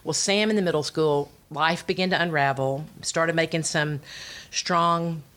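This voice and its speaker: A woman's voice: low voice, measured pace. A middle-aged woman telling a personal faith testimony, acting out quotes as she goes. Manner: animated storytelling with voiced quotes. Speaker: speaker sharing testimony.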